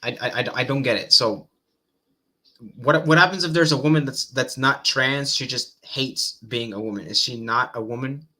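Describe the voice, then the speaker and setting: A man commenting on a debate clip in casual chat, thinking aloud, halting and repeating words as he goes. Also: mid-range voice, bright, forceful tone.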